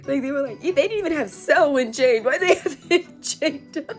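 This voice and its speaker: A woman's voice: sits high, expressive, normal speed, soft background music. A woman in her twenties reacting to a book in a casual reading vlog, swearing, laughing and shrieking as she reads. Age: 20s. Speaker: book reviewer.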